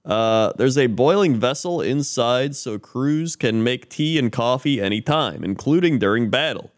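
At a measured pace and with an animated, medium-pitched voice, a man co-hosts a podcast and reads fake sports and news segments aloud. His delivery is casual and full of laughter, with occasional stumbles.

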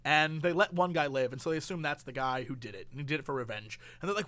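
A man's voice: fairly high pitch, brisk, hardly any pauses, no echo. A man in casual chat, animatedly retelling a movie plot and acting out the characters' lines. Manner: animated storyteller, acts out quotes.

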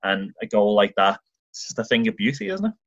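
A man's voice: lowish voice, brisk, no room sound, highs cut off. An Irish man co-hosting a podcast, chatting casually and enthusiastically about football. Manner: enthusiastic, animated storytelling with acted-out quotes. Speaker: podcast co-host.

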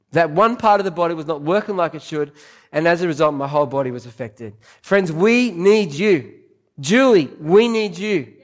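An Australian man preaching a sermon to his church, telling personal stories and repeating key phrases for emphasis. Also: high voice. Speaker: pastor. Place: church service.

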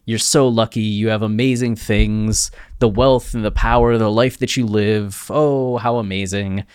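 A man's voice: fairly low pitch, steady tone, unhurried, a little mellow, smooth, no room sound, studio quality, lightly acted. A man voicing an envious, fawning courtier who gushes with starry-eyed delight. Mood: gushing.

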